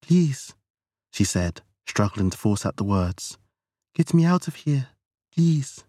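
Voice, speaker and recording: A woman's voice: very deep voice, flat delivery, moderate pace, darkish tone, no room sound, clean studio sound. A man voicing a frail, frightened young female student who pleads and struggles to get her words out. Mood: pleading.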